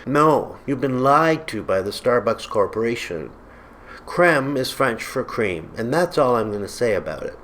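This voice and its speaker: A man delivering a comedic, exasperated rant to camera as a vlogger, sarcastic throughout. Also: medium pitch. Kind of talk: comedic ranting monologue. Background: faint background music.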